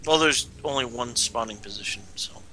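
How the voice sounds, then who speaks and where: A man's voice: medium pitch, moderate pace, pushed and bright, a little hiss or hum, low-quality recording. A man giving casual, confident color commentary on a strategy game match. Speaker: esports co-caster.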